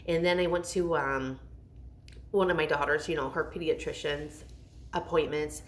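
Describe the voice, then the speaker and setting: A woman in her thirties speaks straight to her viewers in a candid mom vlog, with a voice that sits on the low side for a woman. She rambles through her story with heartfelt openness and keeps breaking off to restart a thought. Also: moderate pace. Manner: rambling, heartfelt, self-interrupting. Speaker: mom vlogger.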